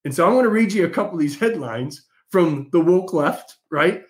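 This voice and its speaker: A man's voice: fairly high pitch, expressive, normal speed. A man hosting an opinionated political monologue, combative and mocking, talking straight to his listeners. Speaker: political commentary host.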